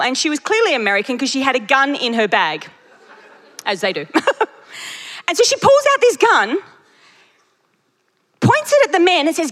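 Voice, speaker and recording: Woman, preacher, high voice, lively storytelling sermon, long hall reverb. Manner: lively storytelling, laughs at her own jokes.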